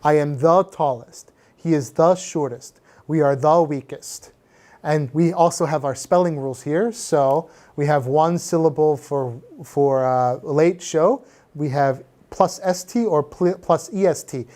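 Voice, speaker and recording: An English teacher with a slightly high, warm voice goes over grammar with a class at a measured pace. He explains the rules patiently, fills his speech with frequent filler sounds, and slips into Korean.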